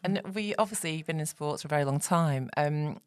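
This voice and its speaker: Low-voiced quick-talking woman host. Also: clear, resonant tone, dry recording, clean studio sound. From Salford, England. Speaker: podcast host. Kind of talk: casual interview chat.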